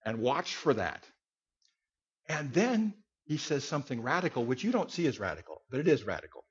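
Husky, animated male Bible teacher. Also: mid-range voice, normal speed. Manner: conversational, folksy, with asides and sudden loud outbursts. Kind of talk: sermon teaching to a group. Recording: dull lo-fi recording.

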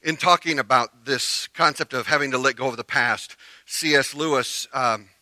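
Animated pastor man with a sharp tone. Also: mid-range voice, normal speed, no room sound. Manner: animated storytelling, swinging from loud emphasis to quiet earnestness. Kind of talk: sermon.

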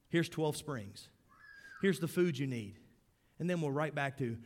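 A man preaching a sermon as pastor, swinging between loud emphasis and hushed, low lines. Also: expressive, measured pace, pauses often. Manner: acts out grumbling crowd voices in quotes.

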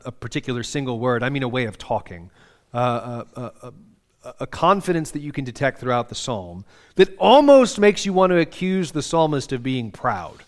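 A middle-aged man preaching a sermon, earnest and conversational, reading scripture aloud with feeling. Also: medium pitch. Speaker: pastor.

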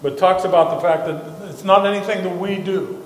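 A male pastor telling a story in a casual, halting sermon full of fillers and repeated words. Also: high-pitched, slight background noise. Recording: echoey hall with faint ambience.

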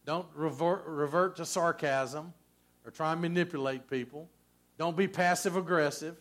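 A man preaching a sermon as a pastor, conversational and folksy, with frequent asides to the congregation. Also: normal speed. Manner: conversational preaching, folksy asides, lively swings in pitch and loudness.

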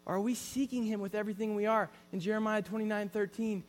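A man's voice: high voice, fairly even intonation, quick pace, in a large hall. A man preaching a sermon in an earnest storytelling way, often restarting his sentences.

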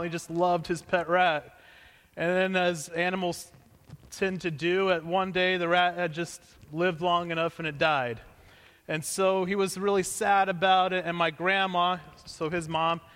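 A man's voice: sits high, fairly bright tone, in a large hall. A young male pastor telling a joking personal story as part of a sermon, in a conversational way.

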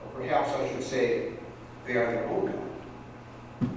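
A man's voice: mid-range voice, little pitch movement, takes it slowly, darkish tone, a little hiss or hum. Preaching man in an echoey hall. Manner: conversational preaching with small restarts, acting out quoted voices. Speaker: pastor. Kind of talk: sermon. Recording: echoey church hall from far off.

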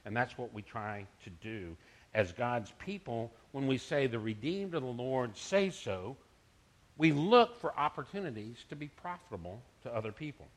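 A man's voice: medium pitch, lively intonation, normal speed. A middle-aged man, a pastor, preaching a conversational sermon and mixing scripture with personal stories.

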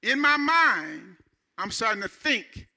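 A man in his fifties preaching a Sunday sermon in an animated, conversational way, building to shouts. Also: extremely high pitch, slow pace, creaky. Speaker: pastor.

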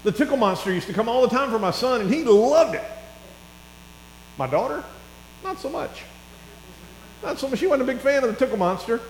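A middle-aged man preaching a sermon in a church, chatty and telling stories that swell into excited bursts. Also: very high voice, fast talker. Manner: conversational, rising to excited storytelling. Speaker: pastor. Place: church hall. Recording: echoey hall with faint mains hum.

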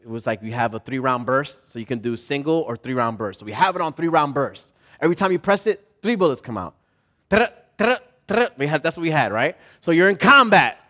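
A man preaching a sermon as a pastor in a church service, telling a story and building to loud exhortation. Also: mid-range voice, expressive, fast.

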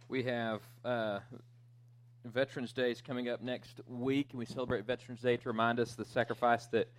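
A man's voice: medium pitch, little pitch movement, moderate pace. A man preaching a sermon as pastor in a conversational way, with joking asides and fillers.

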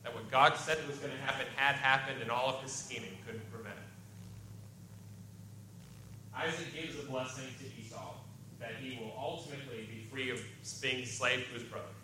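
A man's voice: mid-range voice, a little fast, sharp tone. A man preaching a sermon, reading scripture aloud and explaining it in plain everyday talk. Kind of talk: expository sermon. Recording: echoey room with faint ambient noise.

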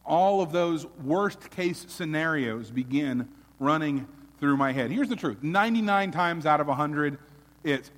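A man delivers an earnest sermon from the pulpit, his fairly high voice rising to full force and then sinking to a near hush. A long reverb trails each line through the church hall. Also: expressive, a little slow. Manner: earnest preaching, swelling loud then dropping to near hush. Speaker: pastor.

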